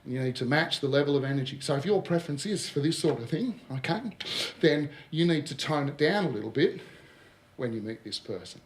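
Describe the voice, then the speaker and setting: A man with an Australian accent giving a lively workshop presentation to a live audience, joking and throwing in asides. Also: on the high side, brisk. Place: large room with live audience. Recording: roomy echo of a hall.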